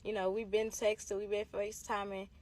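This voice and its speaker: A woman's voice: mid-range voice, little pitch movement, brisk, darkish tone, lightly acted. Woman doing a brash friend, taunting, boastful, defiant.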